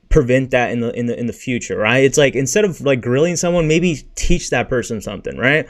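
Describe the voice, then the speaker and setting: Frustrated over his losses, a crypto-trading streamer rants casually and talks markets in blunt slang, repeatedly saying "freaking," "bro" and "dude." He speaks fairly quickly in a mid-range voice with lively intonation and hardly pauses at all.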